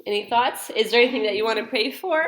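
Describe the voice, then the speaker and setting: Woman, 30s-40s, church mom, casual storyteller, bright crisp voice, filler-heavy delivery. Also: on the high side, fast. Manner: chatty, rambling, full of fillers and restarts. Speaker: mother leading a church welcome and prayer. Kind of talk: casual storytelling and spoken prayer.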